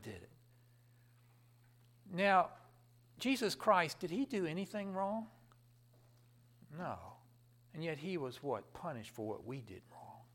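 A man preaching a sermon with fervour, asking the crowd questions and answering them himself, swinging from loud emphatic peaks to low quiet drops. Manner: fervent, rising to loud emphatic peaks then dropping low.

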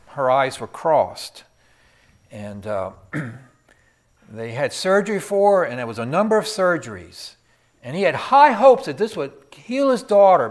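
A man preaching a sermon, swinging from loud emphatic peaks to hushed whispers and throwing rhetorical questions at the congregation. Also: on the high side.

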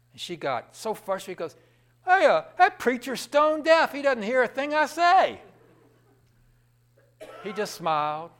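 A man whose voice sits on the high side gives a lively, conversational sermon, punctuated by asides to his congregation.

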